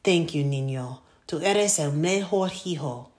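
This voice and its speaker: A woman's voice: low-pitched, measured pace, a little mellow. A woman voicing a caring mother who coaxes her son and drops Spanish endearments. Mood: upbeat. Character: warm bilingual mother, caring, persuasive.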